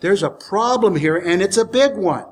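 A man preaching a sermon, retelling a scripture story with acted-out lines and sudden hushed whispers. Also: high-pitched, animated, normal speed. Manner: dramatic storytelling, acting out scenes, dropping to whispers for emphasis. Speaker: pastor.

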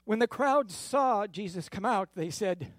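A man narrating a dramatic scripture reading in a deliberate, expressive storytelling manner. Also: high voice, dry recording. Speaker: scripture reader.

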